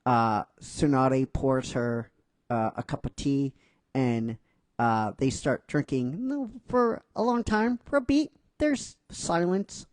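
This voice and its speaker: A man's voice: mid-range voice, lively intonation, slow pace, no room sound. Rambling chatty man telling a story. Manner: rambling, chatty, with many fillers and restarts. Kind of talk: casual narration of a fan script.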